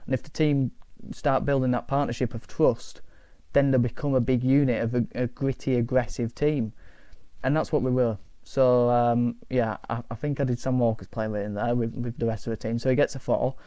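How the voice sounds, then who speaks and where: A man's voice: medium pitch, steady tone, moderate pace, mellow, dry recording. A man from the north of England hosting a casual football reaction vlog, rambling and repeating words as he talks. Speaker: football fan channel host.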